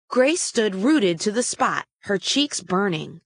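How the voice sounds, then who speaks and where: A woman reading a children's story aloud in a steady, expressive way. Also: medium pitch, slow, no room sound. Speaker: storybook reader.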